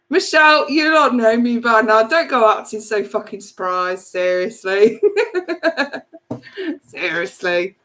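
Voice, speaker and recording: A woman's voice: on the high side, animated, slow, pauses often. A woman, a tarot reader chatting on a live stream, reading out viewer comments in a chatty, giggly way with casual swearing.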